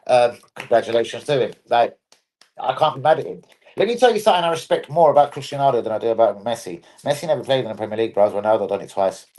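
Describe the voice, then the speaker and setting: A man's voice: medium pitch, animated, fast, darkish tone. A man hosting a live football stream, chatting casually, bluntly and with a lot of swearing.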